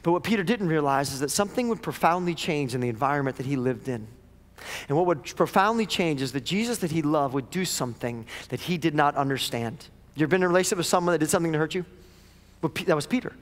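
A man preaching a sermon as lead pastor, dramatic, dropping to near-whispers then rising loud. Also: fairly high pitch, animated, fast. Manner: dramatic, swings from hushed to loud. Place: church auditorium. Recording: echoey church hall.

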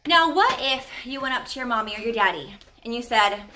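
A woman's voice: fairly high pitch, unhurried, a little hiss or hum. A woman teaching a sign language class to young children, upbeat and encouraging, often gasping with delight at their answers. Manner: animated, encouraging, gasps with delight.

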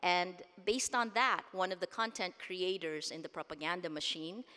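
A woman's voice: fairly low pitch, moderate pace, bright, forceful tone. A woman from the Philippines giving a conference keynote speech, earnest and emphatic, repeating words for stress. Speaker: keynote speaker. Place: large conference hall. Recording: long reverb of a large hall.

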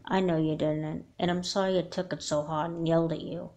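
A woman's voice: deep voice, flat delivery, fairly quick, a little mellow, muffled recording. A woman voicing an earnest, chatty young girl in a homemade doll movie, talking in long explanations. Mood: sincere.

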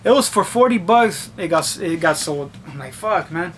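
A man's voice: a little high, animated, moderate pace, a little hiss or hum. A young man vlogging in a casual, profanity-heavy rant, acting out his own reactions. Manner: swears constantly, acts out his own reactions.

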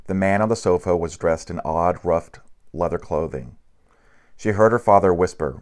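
The narrator is a man with a deep voice working through a picture book out loud. His delivery is calm and steady, marked by occasional slips where he starts over.

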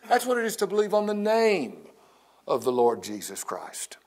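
A middle-aged male pastor preaching a sermon slowly and emphatically, with long dramatic pauses and drops to near whispers. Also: high-pitched, wildly swooping pitch, darkish tone.

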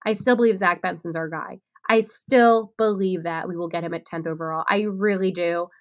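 A young woman hosting a solo sports podcast, animated and excitable, often laughing at herself. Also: lowish voice, normal speed. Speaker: podcast host.

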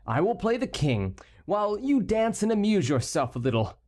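Audiobook jester: bold mocking court fool, teasing and playful, read by a man, pitched up a touch. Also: very animated, normal speed, darkish tone.

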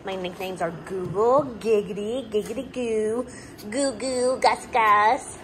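A woman's voice: medium pitch, steady tone, slow, a bit bright, a little hiss or hum, low-quality recording. A woman voicing her small male chihuahua in a playful, sing-song way.

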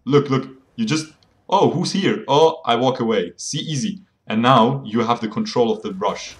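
Young male streamer, playful mock-bragging delivery, average pitch, lots of laughs. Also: normal speed. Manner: boastful, playful, laughs often, calls viewers boys. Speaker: game streamer. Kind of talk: joking live gameplay commentary.

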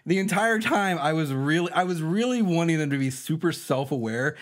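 A man's voice: fairly high pitch, expressive, fairly quick. A man co-hosting a comedy film-review podcast, making wry jokes. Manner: wry, joking. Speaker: podcast co-host. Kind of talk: comedic movie-review chat.

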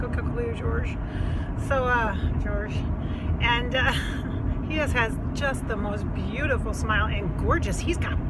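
A woman's voice: fairly high pitch, noisy background. A middle-aged woman, a psychic vlogger, gushing and giggling as she talks to the camera with lots of fillers. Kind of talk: gushing casual talk to camera.

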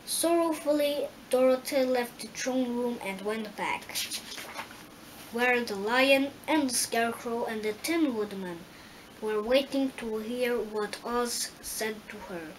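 A woman reading a storybook aloud slowly and carefully, with small stumbles. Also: on the high side, slight background noise, poor audio. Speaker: reader.

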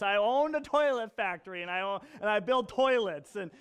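A male pastor preaching a storytelling sermon, animated and acting out dialogue with playful voices. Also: high voice, moderate pace, hardly any pauses, smooth.

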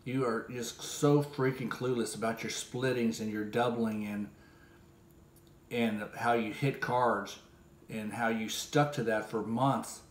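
A man's voice: medium pitch, fairly even intonation, slow. Sarcastic man scolding in an echoey room. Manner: sarcastic and scolding, with bursts of loud mimicry. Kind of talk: mocking critique monologue.

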